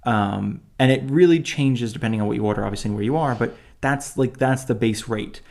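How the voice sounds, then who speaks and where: A man's voice: mid-range voice, fairly quick, gravelly, a little mellow. A young man co-hosting a casual chat, rambling with many restarts and fillers. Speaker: podcast co-host.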